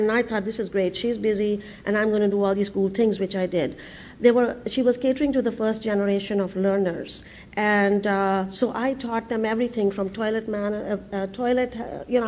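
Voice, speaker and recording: A woman, telling a humorous story on a conference stage in a lively way, with laughs, restarts and fillers. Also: medium pitch. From India. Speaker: entrepreneur giving a conference talk. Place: conference stage before an audience.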